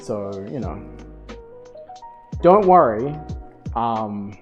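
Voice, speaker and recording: A young man streaming, telling a story to his chat in a casual, animated way, swearing and laughing. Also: medium pitch, drawn-out words, muffled recording, soft background music.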